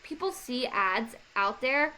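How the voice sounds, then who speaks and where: Bright-voiced young woman coaching debate. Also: high voice, lively intonation, slow, rough recording. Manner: upbeat, emphatic, acts out sample speeches. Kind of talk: casual instructional talk.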